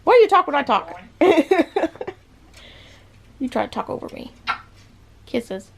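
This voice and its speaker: A woman's voice: sits high, very animated, takes it slowly, vocal fry. A woman vlogger chatting playfully to her pet parrot in teasing baby-talk, laughing often.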